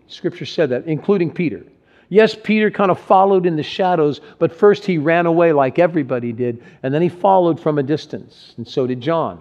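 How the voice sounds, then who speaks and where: A man's voice: medium pitch, moderate pace, a little mellow. Earnest male pastor in dull lo-fi audio. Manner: earnest, conversational preaching with frequent restarts. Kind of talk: sermon. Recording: dull lo-fi sound.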